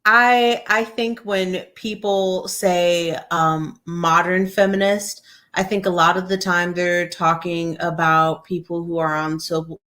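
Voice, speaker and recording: A woman speaking as a guest in a casual discussion, hesitant with many pauses and restarts. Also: fairly low pitch, steady tone, a bit bright.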